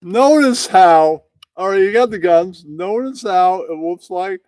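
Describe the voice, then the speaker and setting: A man's voice: sits high, unhurried, no echo, studio quality. A man hosting a stream, ranting in crude, mocking comedy about a clip. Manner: mocking, profane, animated. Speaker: stream host reacting to clips.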